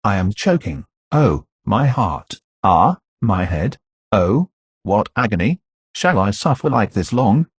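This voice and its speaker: Dying old servant, read by a man, husky, low, gasping, slow and pleading. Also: sing-song, dry recording, full character voice. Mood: agonized. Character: dying old male servant, choking in agony.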